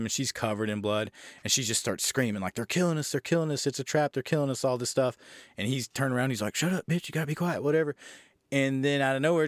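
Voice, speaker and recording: A man's voice: mid-range voice, no echo, clean studio sound. A man hosting a podcast, casually retelling a movie's plot with profanity, sarcasm and disbelief. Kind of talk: casual movie review recap.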